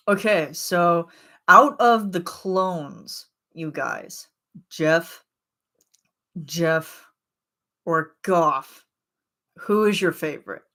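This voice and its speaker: A woman's voice: low-pitched, a bit bright. A woman in her late twenties, chatting casually with viewers on a livestream in a rambling, chatty way, with plenty of fillers and laughs. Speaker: livestream host.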